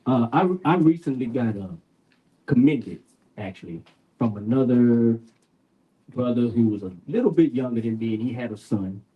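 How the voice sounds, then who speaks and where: A man's voice: medium pitch, expressive, moderate pace, narrow, tinny audio. An older man on a community panel, talking in a folksy, preacher-like way and often checking in with "right?". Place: bookshop event room.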